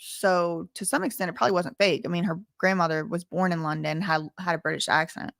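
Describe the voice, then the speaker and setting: A woman's voice: lowish voice, fairly even intonation, a little fast, gravelly, a bit bright, no room sound. Chatty woman reading aloud, dry close sound. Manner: reads passages then breaks off into chatty asides. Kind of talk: reading a memoir aloud with casual commentary.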